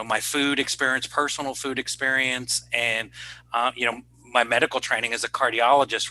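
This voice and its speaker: A man's voice: mid-range voice, sharp tone, poor audio. A middle-aged man, a cardiologist and chef, telling stories as a guest in a casual interview, rambling and self-deprecating with many fillers.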